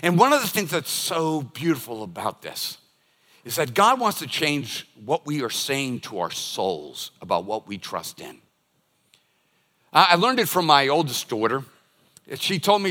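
An older male pastor delivers a sermon in a forceful, bright voice pitched a little high. He tells stories and acts out everyday moments as he preaches. His words ring out with the long reverb of a large hall. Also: very animated, moderate pace. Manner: storytelling, acting out everyday scenes.

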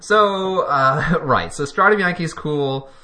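A man's voice: fairly high pitch, takes it slowly, sharp tone. A man co-hosting a podcast in casual chat, rambling and chuckling as he talks. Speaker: podcast co-host.

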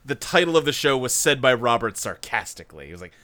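A man co-hosting a podcast in casual chat, wry and quick to laugh. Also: medium pitch. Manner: laughs often, animated and wry. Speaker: podcast co-host.

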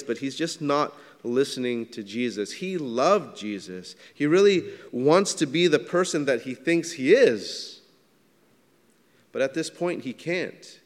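Man preaching a relaxed sermon in a hall. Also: medium pitch. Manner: conversational, asks the congregation questions. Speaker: pastor.

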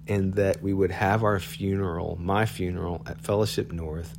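A man with a very low, gravelly voice tells a personal story. He talks casually and haltingly, with many fillers and restarts along the way. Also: steady tone, darkish tone, a little hiss or hum.

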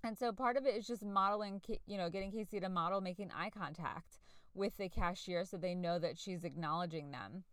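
A woman's voice: lowish voice, fairly quick, fairly bright tone, smooth, no echo. Earnest, chatty woman podcast host. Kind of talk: casual solo podcast talk.

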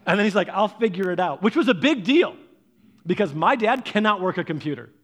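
A man telling family stories in a talk, acting out his parents' lines with lively energy. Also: high-pitched, brisk. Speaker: speaker giving a faith and parenting talk. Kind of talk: storytelling talk.

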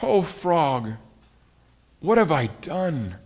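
A man doing a shrill, boastful storybook toad. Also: sing-song, very slow, full character voice. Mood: frantic. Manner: high, loud and frantic. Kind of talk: storybook reading to children.

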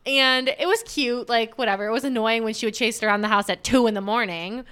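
A woman co-hosting a podcast, telling a home story in a casual, animated way and swearing now and then. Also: a little high, fast talker, clear, resonant tone. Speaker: podcast co-host. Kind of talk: casual chat.

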